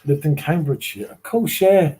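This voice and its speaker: A man's voice: on the high side, expressive, moderate pace, warm tone. A middle-aged man with a London accent, hosting a casual beer-drinking chat, joking and reading out viewer comments. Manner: jokey banter, reads viewer comments aloud. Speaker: beer channel host.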